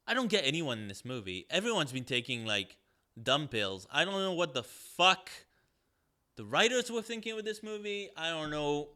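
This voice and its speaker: A man's voice: on the high side, sharp tone. A man reviewing a movie on a podcast, ranting in a sarcastic, profane, rambling way with lots of fillers.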